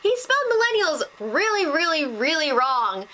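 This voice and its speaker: A young woman co-hosting a casual chat, animated, recapping a TV show and acting out what people said. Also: high-pitched, normal speed, a little hiss or hum, low-quality recording. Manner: animated, acts out quotes from the show. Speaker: co-host.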